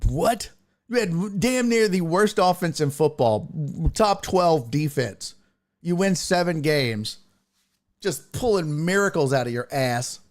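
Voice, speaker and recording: Animated, profane man ranting about sports. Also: a little high, slow. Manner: reads and answers viewer chat. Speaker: sports talk show host. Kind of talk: live-streamed sports talk.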